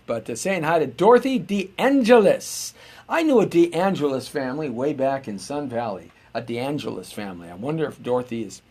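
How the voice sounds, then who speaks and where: A man's voice: mid-range voice, darkish tone, husky. A middle-aged American man hosting a live-streamed show, rambling in a chatty, meandering way with lots of filler words and restarts. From United States. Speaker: host.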